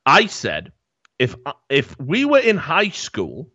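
A man's voice: on the high side, huge pitch swings, slow pace, sharp tone, slightly rough, dry recording, lo-fi sound. A man hosting a podcast in casual chat, sarcastic, swearing and laughing as he talks. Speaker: podcast host.

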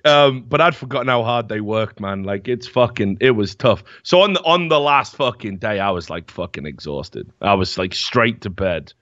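A man's voice: fairly low pitch, animated, normal speed, few pauses, fairly bright tone. A man hosting a podcast, telling rambling stories in casual chat, full of fillers and swearing. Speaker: podcast host. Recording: slightly dull, dry mic sound.

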